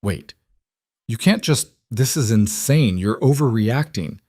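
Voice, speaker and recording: A man's voice: medium pitch, expressive, measured pace, a little mellow. A man voicing a defensive, cheating husband who talks in a flustered, pleading way.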